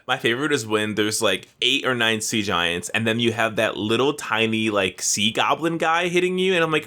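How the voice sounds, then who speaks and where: A man co-hosts a casual gaming podcast, ranting with lively, profane energy. His voice sits a little low yet comes out bright and forceful. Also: normal speed, hardly any pauses. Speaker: podcast co-host.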